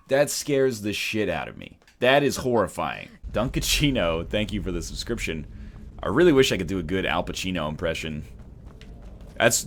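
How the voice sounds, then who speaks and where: A young man talks with his stream audience, animated and rambling. His pitch swings a lot from line to line, and his voice has a bright, forward edge. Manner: animated, rambling, tries celebrity impressions. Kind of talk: casual chat while playing a game.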